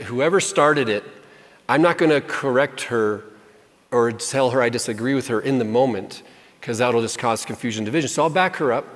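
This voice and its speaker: A man giving casual parenting advice to an audience in a relaxed, self-deprecating way, slipping into quoted voices as he talks. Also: mid-range voice. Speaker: marriage and parenting speaker. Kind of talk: casual talk answering audience questions. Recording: long hall reverb.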